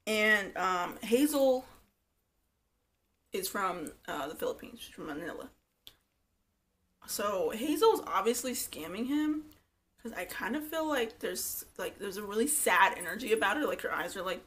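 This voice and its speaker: A young woman giving blunt, profane, animated commentary on a reality show, acting out quotes as she retells scenes. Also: mid-range voice, moderate pace. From Virginia Beach, USA. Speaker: reality TV reviewer. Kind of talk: casual commentary.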